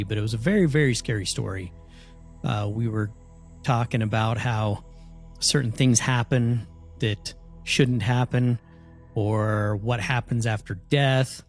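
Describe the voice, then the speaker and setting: A man telling a spooky story in a casual, animated way, often acting out the voices of the people in it. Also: medium pitch. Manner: animated, acts out voices in his stories.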